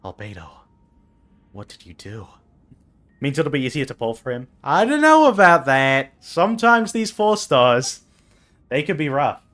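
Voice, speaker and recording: Excitable man streaming a game. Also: a little high, a little slow. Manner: excitable fan, gushing and laughing. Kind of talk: casual gaming commentary.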